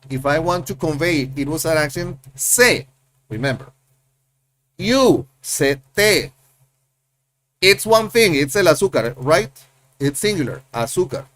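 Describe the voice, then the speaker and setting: A man's voice: on the high side, fairly bright tone. A man, teaching a casual lesson and explaining things in a chatty way, often repeating himself and asking rhetorical questions. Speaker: Spanish teacher.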